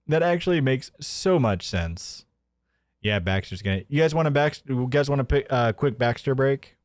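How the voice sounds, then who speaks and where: A man hosting a news commentary stream, energetic and joking, often laughing at what he covers. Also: medium pitch, moderate pace, no room sound, clean studio sound. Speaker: host.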